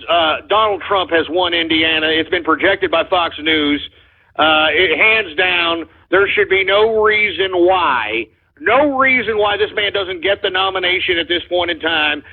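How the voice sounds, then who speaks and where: A radio host rants in an excited, fired-up way, piling on repeated phrases and curses. His voice sits very high and sounds husky and worn. It comes through a narrow, tinny phone-like line. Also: moderate pace. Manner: fired-up, shouty, swears and repeats himself. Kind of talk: excited call-in radio rant.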